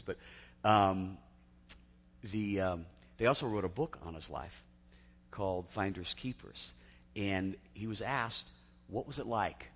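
A man preaching a sermon in a chatty storytelling way, often restarting his sentences. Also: on the low side. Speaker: pastor. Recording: long hall reverb.

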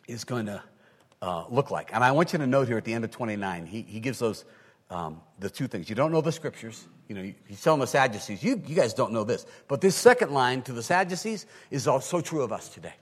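A male pastor preaching a sermon, swinging from quiet asides to loud emphatic lines and acting out his listeners' reactions. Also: mid-range voice, breathy edge. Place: large hall with an audience. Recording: long hall reverb.

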